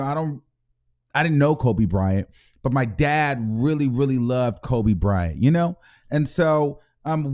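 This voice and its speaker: A man's voice: medium pitch, a little mellow. A man hosting his own vlog, talking in a rambling, emotional way, full of fillers and restarts. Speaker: show host. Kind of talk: casual vlog commentary.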